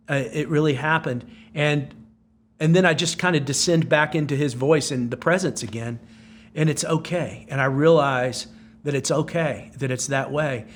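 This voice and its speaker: A man's voice: a little high, normal speed, a little hiss or hum. Intense older man telling a vivid story. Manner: intense, breathless recounting with repeated phrases. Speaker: podcast guest, former Navy SEAL.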